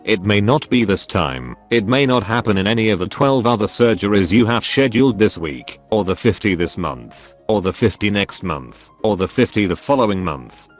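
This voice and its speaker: Guy narrating stories in a lowish voice, steady even read, quiet music in the back. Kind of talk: scripted narration of online stories.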